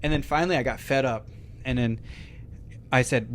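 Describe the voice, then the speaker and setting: Male podcast host in his 20s, slightly raised pitch, loose and profane, acts out the other people in his stories. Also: animated, fast. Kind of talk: casual storytelling chat.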